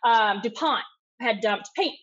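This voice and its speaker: A middle-aged woman with a mixed Southern and Michigan accent, telling stories quickly and animatedly as a guest on a call. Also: fairly high pitch, dull audio. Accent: mix of Southern US and Michigan. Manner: fast-talking, lively, acts out voices in anecdotes. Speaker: guest, community activist. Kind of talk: casual storytelling on a call. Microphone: video call.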